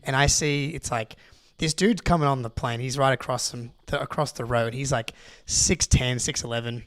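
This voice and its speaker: A young Australian man, co-host of a podcast, telling a long story in an excitable, rambling way with lots of restarts. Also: medium pitch, moderate pace, no room sound. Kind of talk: casual storytelling.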